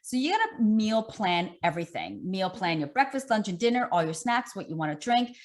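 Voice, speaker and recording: During an online interview, a middle-aged woman fitness coach talks animatedly and emphatically, repeating herself a lot. Her voice is mid-range and fairly quick.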